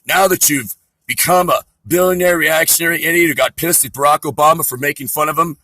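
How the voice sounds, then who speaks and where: A man's voice: a little high, fairly quick, bright, forceful tone, no echo, low-quality recording. A man delivering a profane, sarcastic comedy rant.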